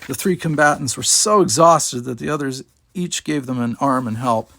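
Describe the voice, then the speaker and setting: A man reading a novel aloud in steady, measured narration. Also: mid-range voice, vocal fry, no echo, studio quality. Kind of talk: audiobook narration.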